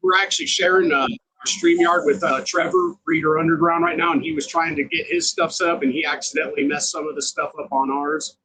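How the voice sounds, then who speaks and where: A man hosting a casual livestream, relaxed and joking as he greets viewers in the chat. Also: fairly high pitch, fairly quick, breathy edge, rough recording. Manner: laid-back, laughing, shout-outs to chat. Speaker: host.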